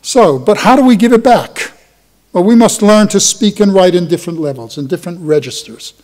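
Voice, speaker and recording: A man's voice: high-pitched, lively intonation, brisk, darkish tone. Impassioned older man lecturing in a hall. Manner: emotional, impassioned storytelling. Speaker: keynote speaker, professor. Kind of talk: conference lecture with personal storytelling. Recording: long hall reverb.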